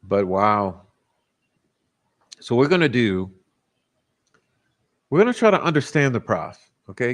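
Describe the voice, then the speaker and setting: A man's voice: medium pitch, big pitch swings, unhurried, pauses often. A man hosting a casual livestream, ranting combatively and profanely, with frequent restarts. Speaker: livestream host.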